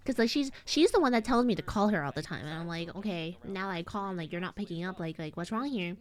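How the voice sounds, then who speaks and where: A VTuber streamer in her twenties rambles casually through a story, acting out her family's lines. Her mid-range voice is animated and quick, with few pauses.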